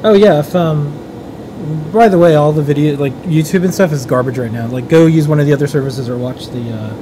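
A man's voice: a little high, brisk, background noise. A man hosting a live engineering stream, talking in a laid-back, rambling and informal way. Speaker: host. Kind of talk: casual live-stream chat.

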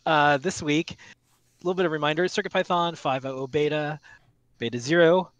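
A man's voice: fairly high pitch, steady tone, a little fast, fairly bright tone, no room sound, rough recording. A man co-hosting an online meeting, chatting through community news in a rambling way. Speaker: co-host. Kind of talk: casual community news chat.

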